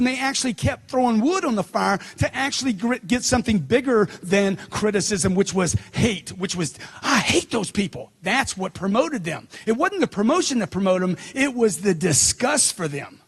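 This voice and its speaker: A man's voice: extremely high pitch, expressive, moderate pace, few pauses, breathy edge. A middle-aged man speaking as a motivational speaker at a seminar, punchy and emphatic, repeating lines for effect. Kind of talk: seminar speech.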